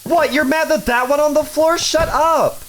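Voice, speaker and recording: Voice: high voice, fairly even intonation, fairly quick, slight background noise. A streamer playing a cooking game live, bantering and swearing at chat with frequent laughter.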